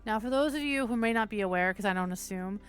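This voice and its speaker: A woman's voice: mid-range voice, fast talker, clear, resonant tone, faint music behind. A woman hosting a stream who reads a visual novel aloud, with casual, cursing asides between passages. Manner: steady narration broken by casual swearing asides. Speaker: streamer, host.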